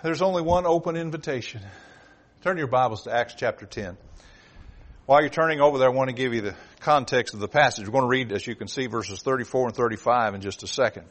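A man's voice: medium pitch, quick pace. A man preaching a sermon, driving home points with repetition and sudden swells of emphasis.

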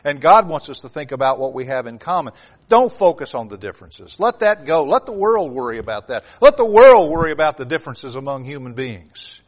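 Male preacher, fairly high voice, sermon delivery with a repetitive cadence and rising, emphatic swells. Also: big pitch swings, fairly quick.

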